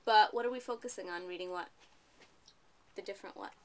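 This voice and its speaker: A woman tutoring a child one-on-one, patient and coaxing, often checking in with a quick "right?". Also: medium pitch. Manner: patient, coaxing, ends points with tag questions.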